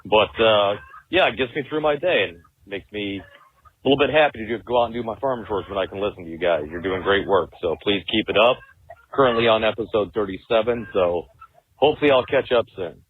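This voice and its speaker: A man's voice: lowish voice, a little fast, breathy edge. A man leaving a friendly, thankful voicemail, with chickens clucking behind him. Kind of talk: voicemail message. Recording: tinny phone line with loud background noise.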